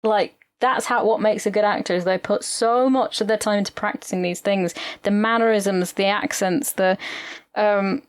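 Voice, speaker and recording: A woman's voice: medium pitch, moderate pace, clear, resonant tone, no echo. A woman co-hosting a podcast, rambling through anecdotes in casual chat. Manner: rambling, animated storytelling with mock impressions. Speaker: podcast co-host.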